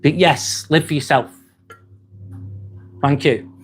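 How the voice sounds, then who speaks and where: A man's voice: a little high, takes it slowly, husky. A man with an English accent hosting a casual live stream, chatting loosely, reading viewer comments aloud and dropping in the odd swear word. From England. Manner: chatty and relaxed, with frequent ums and casual swearing. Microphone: phone.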